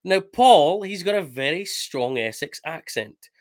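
A Scottish man co-hosting a podcast, teasing his co-host in animated, casual chat. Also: a little high, a little slow, no room sound, studio quality. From Scotland.

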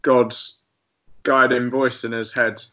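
A man's voice: medium pitch, little pitch movement, slow, bright, forceful tone. A man in a casual Bible study group, easygoing and prone to joking.

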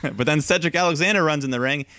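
Man, podcast co-host, bright voice, dry close sound, excited play-by-play recap. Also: fairly high pitch, quick pace, dry recording. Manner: excited play-by-play retelling, laughs often. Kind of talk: casual recap chat.

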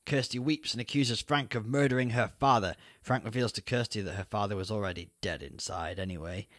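Male co-host, playful and brisk, recorded dry and close. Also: lowish voice, a bit bright, dry recording. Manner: playful, keeps time. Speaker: podcast co-host. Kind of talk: casual chat and plot recap.

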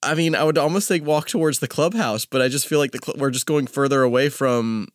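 A man's voice: medium pitch, quick pace, no room sound. Male player; easygoing, inquisitive, dry sound. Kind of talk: tabletop game talk.

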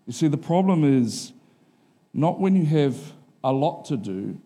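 Middle-aged guy preaching, slightly high mellow voice, chatty, keeps asking the crowd if they're with him. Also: measured pace, husky. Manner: conversational, checks in with the congregation; acts out quotes in a higher animated voice. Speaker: pastor. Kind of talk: sermon.

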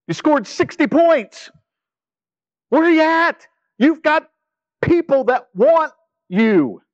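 A man's voice: extremely high pitch, dry recording, highs cut off, pitched above the performer's own voice, heavily acted. A man voicing annoyed male disciples who pester their leader with incredulous questions. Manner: incredulous, nagging rapid questions.

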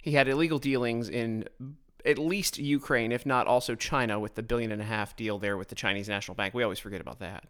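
A man speaks in a mid-range voice for his sex, holding forth alone on a podcast. His delivery is blunt and sarcastic, full of quick restarts and repeated words as he presses his points. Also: mid-range voice, fairly even intonation, fairly bright tone, smooth. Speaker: podcast host. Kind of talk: political commentary monologue. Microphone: his own podcast microphone.

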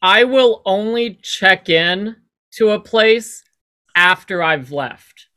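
A man chatting as a guest on a podcast. His voice is bright and forward, and he rambles easily, dropping "like" into almost every sentence. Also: high-pitched, animated, takes it slowly. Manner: rambling, many "like" fillers. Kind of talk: casual interview chat.

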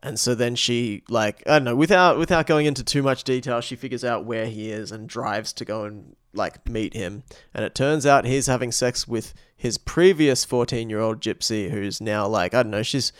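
A man's voice: mid-range voice, moderate pace, few pauses, smooth, no echo, studio quality. A man in casual podcast chat, retelling a film plot in a crude, offhand way.

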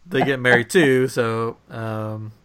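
A man's voice: medium pitch, takes it slowly, clean tone. A man co-hosting a casual podcast chat, recapping a TV episode with lots of laughter. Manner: animated, laughs often, recaps plot. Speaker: podcast co-host.

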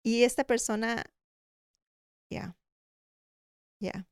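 Candid woman guest with a smooth voice. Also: a little high, fairly even intonation, slow, no room sound, clean studio sound. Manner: candid, frustrated, switching into Spanish. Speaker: dental hygienist and professor, guest. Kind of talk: conversational interview.

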